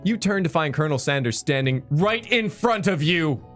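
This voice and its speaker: A man's voice: on the high side, expressive, moderate pace, a bit bright, soft background music. A man streamer reading a game's story aloud with playful, dramatic narration. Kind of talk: reading a dating game aloud.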